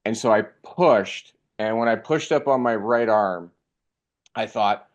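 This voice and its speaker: A young man telling a funny personal story in a casual, animated way, acting out the voices of the people in it. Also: lowish voice, measured pace, dull audio. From Canada.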